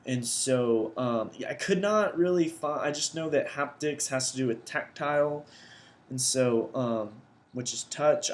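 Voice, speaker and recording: A man's voice: mid-range voice, darkish tone. A young man, an education student, explaining vocabulary words for a class assignment in a loose, conversational way, thinking aloud as he goes, recorded indoors at his computer.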